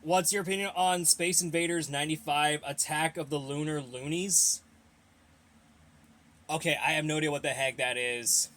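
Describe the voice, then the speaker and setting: A man's voice: fairly high pitch, fairly even intonation, normal speed, pushed and bright. A young man hosting a casual Q&A, reading viewer questions and giving blunt, rambling opinions while a little out of breath. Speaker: host of a fan Q&A channel.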